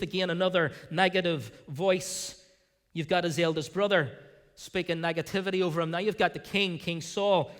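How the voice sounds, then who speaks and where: A male pastor preaching a sermon in a church, animated, acting out the voices of the people in the scripture. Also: high-pitched, normal speed, big-room sound. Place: church sanctuary.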